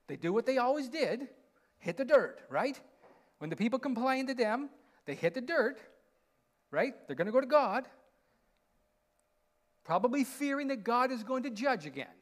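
A man preaching a sermon as a pastor, often asking his listeners questions and checking in with them. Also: very high-pitched. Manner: asks the congregation rhetorical questions, tags lines with "right?".

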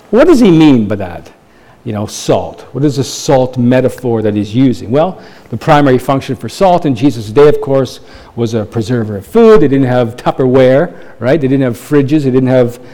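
A Canadian pastor preaches conversationally, asking rhetorical questions and pushing his voice up for emphasis. His voice is medium-pitched and mellow, with lively intonation and a moderate pace.

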